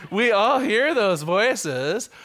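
A man preaching a sermon to his congregation as their minister, playful and animated, sometimes stumbling over a word and starting the phrase again. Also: sits high, very slow. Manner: animated, playful, with repeated stammered restarts.

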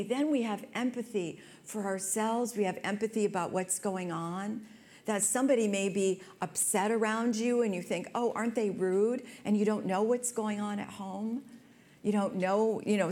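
A woman hosting a talk show, telling a personal story in an earnest, conversational way. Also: medium pitch. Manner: earnest, storytelling, quotes people with voice changes.

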